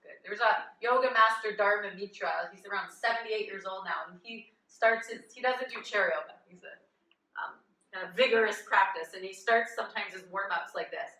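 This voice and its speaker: A woman yoga teacher guiding a live chair yoga class with gentle, chatty instructions and easy laughs. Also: mid-range voice, fairly quick. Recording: echoey room, voice from a distance.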